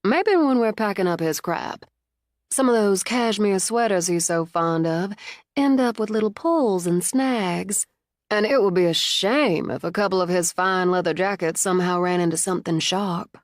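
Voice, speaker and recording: A woman's voice: mid-range voice, moderate pace, no room sound, close to an everyday voice. A mischievous young best friend, read by a woman narrator, fiercely loyal. Her speech is playful and teasing. The audiobook recording is dry and close.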